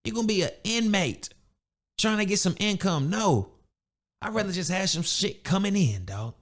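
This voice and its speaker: A young man rants into his podcast mic, blunt and animated, full of street slang. His voice sits a bit higher than most men's. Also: normal speed. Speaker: podcast host. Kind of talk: casual motivational rant.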